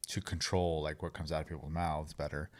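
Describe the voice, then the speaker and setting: Man, deep voice, podcast co-host, laid-back, thinks aloud. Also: flat delivery, fairly quick. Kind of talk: casual chat.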